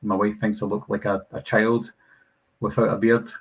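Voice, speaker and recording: A man's voice: lowish voice, little pitch movement, moderate pace, breathy edge, poor audio. A British man in his thirties hosting a live Q&A stream, reading viewer comments and chatting casually. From United Kingdom. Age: 30s. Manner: chatty, reads viewer comments aloud and answers them.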